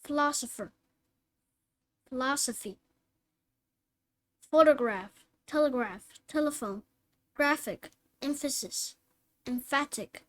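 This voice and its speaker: A woman reading phonics word lists and practice sentences aloud, one word at a time, slowly and clearly, like a reading teacher. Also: sits high.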